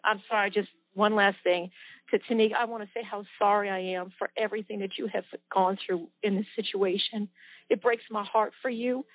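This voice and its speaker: A woman's voice: medium pitch, steady tone, brisk, dry recording. A woman calls in to a radio talk show and speaks in a sympathetic, apologetic way. Her voice comes through a dry, thin phone line.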